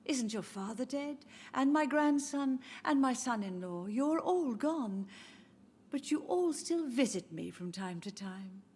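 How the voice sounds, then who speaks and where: A woman's voice: on the high side, lively intonation, a little slow, a little mellow, breathy edge. An actress playing a frail, confused elderly mother who speaks in a wistful, drifting, tender way, in video game dialogue with faint music beneath. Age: older.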